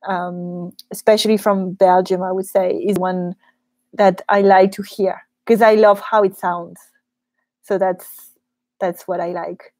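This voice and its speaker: Woman, French accent, chatty teacher, mid pitch, dry studio room. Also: a little mellow, no echo. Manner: chatty, laughs easily, frequent ums. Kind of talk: live Q&A chat. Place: small studio room in a co-working office.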